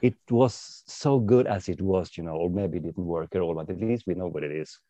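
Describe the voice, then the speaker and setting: Man lively author acting out types. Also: deep voice, fairly quick, dry recording. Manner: animated, playfully acts out personality types. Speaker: author and speaker, podcast guest. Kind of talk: interview conversation.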